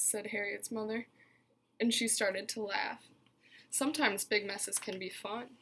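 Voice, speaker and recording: A woman's voice: medium pitch, fairly even intonation, a little slow, fairly bright tone, breathy edge. A woman teacher reading a picture book aloud to her class, telling it expressively and stopping to ask the children questions.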